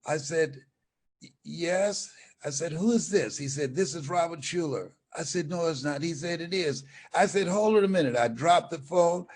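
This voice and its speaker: This storytelling interview features an older man, a motivational speaker, as the guest. His voice runs on the high side at normal speed, and he animatedly acts out the dialogue in his stories.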